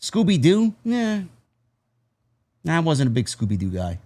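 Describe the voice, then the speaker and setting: A man's voice: a little high, huge pitch swings, measured pace, warm tone, no echo. A man reviewing a wrestling show in a casual, rambling way, swearing freely and drifting into tangents. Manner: profane, nostalgic, tangent-prone.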